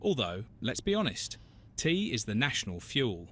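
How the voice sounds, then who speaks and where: A man's voice: medium pitch, sing-song, normal speed, fairly bright tone. A man reading scripted, witty narration for a list video. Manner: crisp, witty listicle delivery.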